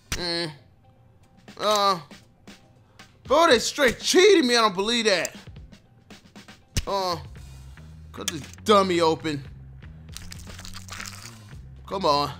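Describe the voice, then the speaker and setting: A man giving loud, frustrated gameplay commentary, yelling and trash-talking at the game. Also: fairly high pitch. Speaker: gameplay streamer.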